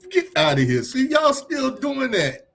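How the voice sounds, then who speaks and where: A man's voice: very high voice, expressive, slow pace, gravelly, a bit bright. A man hosting a podcast, chatting loosely, teasing and laughing often. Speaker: podcast host. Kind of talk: casual talk show chat.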